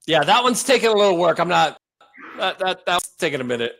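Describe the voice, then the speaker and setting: A slightly hoarse man co-hosting a movie podcast, rambling and joking in casual chat. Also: sits high, very animated, fairly quick, a bit bright. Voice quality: rambling, joking, laughs often. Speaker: podcast co-host.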